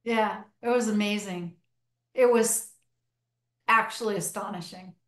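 In an echoey room, a woman hosting a podcast talks enthusiastically through stories from her work as a hypnotherapy practitioner. Her mid-range voice stays steady in tone, and she speaks unhurriedly.

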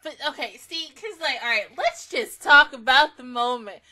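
A woman's voice: sits high, lively intonation, moderate pace, bright, forceful tone. A young woman giving a casual, emotional anime reaction review, gushing with frequent fillers and swearing.

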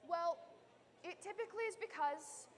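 A woman's voice: very high voice, normal speed, long reverb tail. A woman presenting a live science demonstration, chatting directly with the children in the audience. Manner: chatty, addressing kids in the audience.

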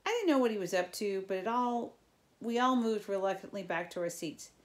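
A woman teacher reading a novel chapter aloud for her students, casual and expressive. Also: mid-range voice, fairly quick.

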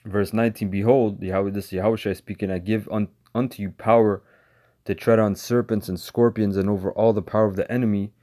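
A bible teacher works through scripture verse by verse in a casual, slangy, loose way, tossing "man" into nearly every sentence and restarting often. His voice is lowish and dark, with fairly even intonation and a fairly quick pace.

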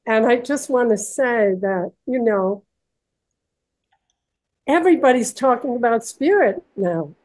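A woman's voice: fairly high pitch, expressive, a little slow, long pauses, rough recording. An older woman speaking heartfelt and gushing, laughing between phrases, on a video call. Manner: warm, gushing, laughs often. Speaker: panel guest.

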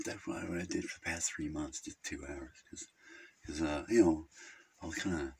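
A man's voice: a bass voice, fairly even intonation, normal speed, a little mellow, breathy edge, full character voice. A man playing a naive, rambling caller named Virgil who keeps drifting off topic on a phone call. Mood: earnest. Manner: rambling, easily sidetracked, crude. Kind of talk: comedic character phone call.

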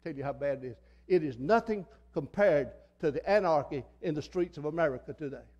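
A man's voice: a little high, animated, fairly quick, darkish tone, muffled recording. An older man preaching a sermon in a church, in a fiery, folksy manner that repeats phrases for emphasis. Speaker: pastor. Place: church sanctuary.

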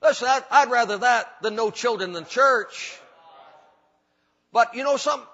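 Folksy preacher with a bright, high voice. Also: male voice, expressive, moderate pace, slightly rough. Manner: folksy, emphatic preaching with repetition and humor. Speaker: pastor. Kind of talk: sermon. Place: church sanctuary. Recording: dull hall recording with long reverb.

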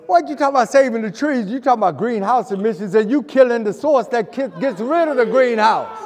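A man's voice: sits high, expressive, normal speed, darkish tone, in a large hall. A male pastor preaching a fervent sermon, repeating phrases and hurling rhetorical questions at the congregation. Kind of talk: fiery sermon. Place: church sanctuary.

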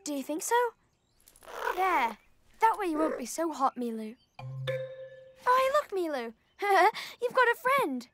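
A woman voicing Simon, a bold, playful little boy rabbit in a cartoon, with an excited, bouncy child's voice. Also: extremely high pitch, takes it slowly, long pauses, loud music behind the voice, exaggerated voice.

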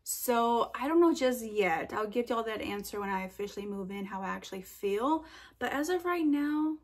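A young woman answering viewer questions in a casual vlog, chatty and animated, full of fillers and quoted asides. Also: on the high side, moderate pace. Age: young adult. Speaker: vlogger.

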